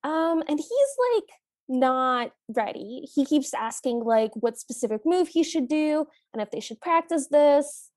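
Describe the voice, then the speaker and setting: A woman's voice: high voice, unhurried, darkish tone, no room sound, clean studio sound. A woman co-hosting a podcast, chatting casually about a movie and adding her own reactions and questions. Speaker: podcast co-host. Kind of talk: casual movie recap chat.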